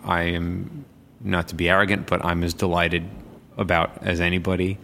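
A man's voice: low voice, level tone, normal speed, vocal fry, sharp tone, long reverb tail, slight background noise. A man, an improviser, chatting casually and reflectively about his craft. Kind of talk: casual chat.

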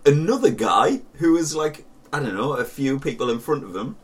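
A man's voice: medium pitch, sing-song, moderate pace, few pauses, far from the mic. A young man with a Sunderland accent, co-hosting a podcast and telling a story animatedly, with swearing and laughter. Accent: Northern English (Sunderland). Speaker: podcast co-host. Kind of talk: casual chat.

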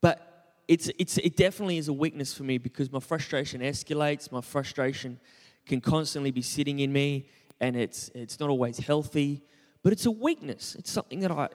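A young male pastor with a higher-pitched, somewhat dark voice preaches a conversational sermon, and a long reverb tail trails his words. He pokes fun at himself and puts questions to the congregation.

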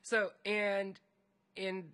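A man's voice: high-pitched, completely flat delivery, very slow, bright, forceful tone. A man co-hosting a casual podcast chat, retelling a fantasy story in a rambling way with many fillers. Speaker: podcast co-host recapping a story.

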